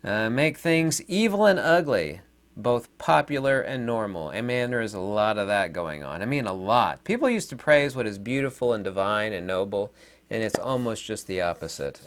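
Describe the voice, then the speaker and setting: A man rambling to camera in a casual monologue, pausing often on fillers and trailing off quietly. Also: lowish voice, animated. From Southern United States. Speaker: video commentator.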